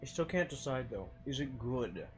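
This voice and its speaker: A man streaming a game and chatting casually, swinging between mumbling and loud, swearing exclamations. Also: medium pitch, very animated, normal speed, faint music behind.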